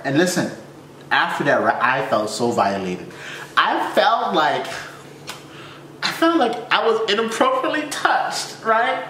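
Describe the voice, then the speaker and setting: Man, comic storyteller, high-ish lively voice, roomy sound, slangy and frank, acts out his reactions. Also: a little slow, recorded from a distance, a little hiss or hum. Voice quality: animated, swings between high yelps and low mutters. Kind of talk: comedic personal story.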